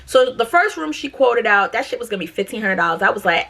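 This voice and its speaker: Blunt, cussing woman vlogger, bright voice. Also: on the high side, quick pace, vocal fry. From Massachusetts. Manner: blunt, profane, animated ranting. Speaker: storytime vlogger. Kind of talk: casual storytelling to camera.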